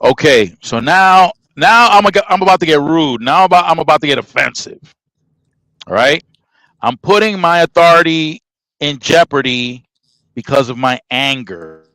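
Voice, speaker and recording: Animated man telling a story, dry sound. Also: fairly high pitch, moderate pace, dry recording, low-quality recording. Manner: animated storyteller acting out dialogue, emphatic. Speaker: podcast host telling a trucking story. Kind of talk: casual storytelling.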